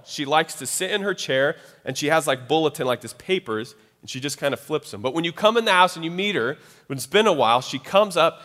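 A man's voice: a little high, a bit bright. A man preaching a sermon as pastor, in a conversational style with frequent asides to the listeners. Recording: long reverb of a large hall.

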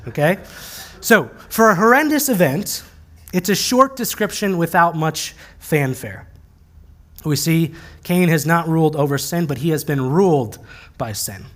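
A man preaching a sermon in an easy, conversational manner, his voice sitting a touch high for a man. He speaks plainly and slips in dry bits of humor along the way. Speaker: pastor.

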